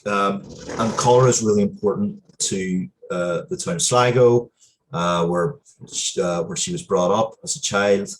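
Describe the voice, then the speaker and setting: A man telling a story as an interview guest, earnest and heartfelt, often pausing and restarting his sentences. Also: lowish voice. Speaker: interview guest, comic book writer.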